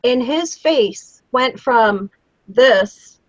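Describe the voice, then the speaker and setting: An earnest woman chatting on a live stream, a touch higher than most. Her voice is close and dry, and the sound is dull and lo-fi. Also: measured pace, no room sound. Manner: earnest, storytelling, encouraging. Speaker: co-host of a daily live show. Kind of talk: casual live-stream chat.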